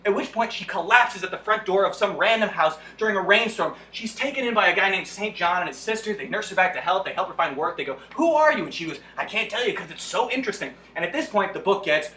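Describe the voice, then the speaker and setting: A sarcastic man tears through a book summary at a breakneck clip, his voice bright and forceful. He sounds exasperated and swears freely. The room around him gives it an echoey ring. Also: sits high, fast talker, hardly any pauses, a little hiss or hum. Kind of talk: fast comedic book summary.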